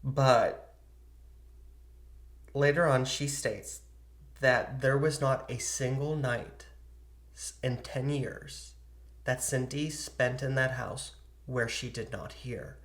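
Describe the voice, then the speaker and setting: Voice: mid-range voice, fairly even intonation, slow, long pauses. A podcast host retelling a true haunting story in a casual, chatty way, acting out the people quoted.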